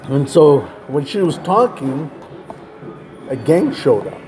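A man earnestly retelling a story in a conversation, plainspoken and lively in the telling. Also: fairly high pitch, takes it slowly, faint music behind.

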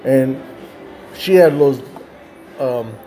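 A man earnestly retelling a story in a conversation, plainspoken and lively in the telling. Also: medium pitch, drawn-out words.

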